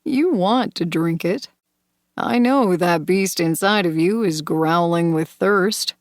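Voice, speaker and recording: A woman voicing a smooth, manipulative man in an audiobook thriller, speaking softly and coaxingly. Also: lowish voice, takes it slowly, no echo, studio quality. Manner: soft, coaxing, sinister calm. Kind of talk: audiobook character voice.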